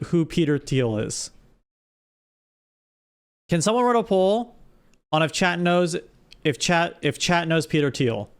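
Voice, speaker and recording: A young man streaming live, chatting casually with his viewers while gaming, animated and rambling with restarts. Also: high-pitched, clean tone. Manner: animated, talks straight to chat, rambling with restarts.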